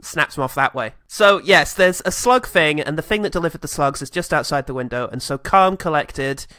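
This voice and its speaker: A man's voice: a little high, normal speed, sharp tone, smooth, dry recording, studio quality. A man co-hosting a comedy podcast, talking in a sarcastic, profane, jokey way and slipping into mock voices. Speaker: podcast co-host. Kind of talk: casual comedic film chat.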